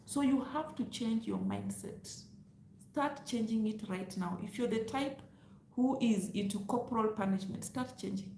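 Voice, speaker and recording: A woman giving advice to camera in a loud, emphatic, lecturing way, laughing now and then as she talks to her viewers. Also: fairly high pitch, moderate pace, vocal fry, echoey room, a little hiss or hum. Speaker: travel vlogger. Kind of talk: direct-to-camera advice vlog.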